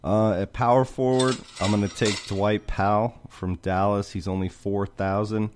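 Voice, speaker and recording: Working through his fantasy picks, this sports-chat co-host lists players and prices in a steady, orderly way. He has a fairly low voice at a normal speed, with slight background noise in the recording.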